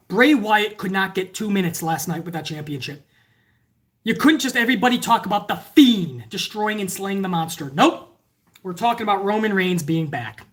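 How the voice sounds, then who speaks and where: A woman giving a casual, sarcastic and profane wrestling review, now and then acting out fans in shouted voices. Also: mid-range voice, normal speed. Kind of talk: casual ranting commentary.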